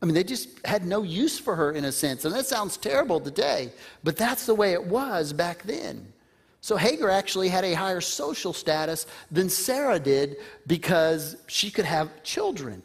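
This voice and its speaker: Guy preaching, chatty and easygoing, keeps asking the crowd questions, voice sits a bit high. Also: sing-song, normal speed, breathy edge. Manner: conversational, asks the listeners rhetorical questions. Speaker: pastor. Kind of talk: sermon.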